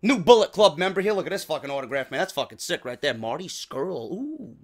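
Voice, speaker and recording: A man's voice: a little high, a little fast. A man with a New York accent hosts a wrestling show, unboxing merchandise in casual chat full of swearing. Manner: heavy swearing, excitable.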